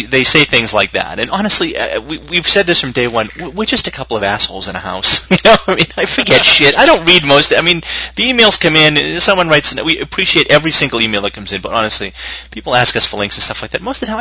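A husky-voiced man rambles through casual podcast banter, swearing and laughing as he goes. His pitch bounces around, and the recording is dry and close. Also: sing-song, fast, hardly any pauses, bright, forceful tone, no room sound, low-quality recording. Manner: profane, rambling, laughs a lot. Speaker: podcast co-host.

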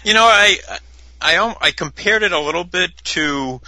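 A man's voice: sits high, normal speed, pushed and bright, no room sound, poor audio. A man co-hosting a casual sports podcast, joking dryly and explaining his points. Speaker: podcast co-host.

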